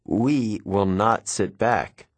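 A man voicing an older male centaur teacher, measured and gentle, in an audiobook. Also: on the low side, no echo. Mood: grave.

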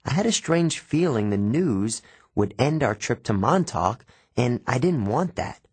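A man narrating a first-person audiobook with measured, expressive storytelling. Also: medium pitch, husky, dry recording.

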